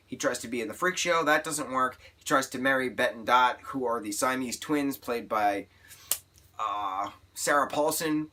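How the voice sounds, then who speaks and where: A man talks through a TV review in a casual, rambling monologue. His voice is bright and forward, and it sits at a middle pitch. He gets excited and jumps from point to point. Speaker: TV review vlogger.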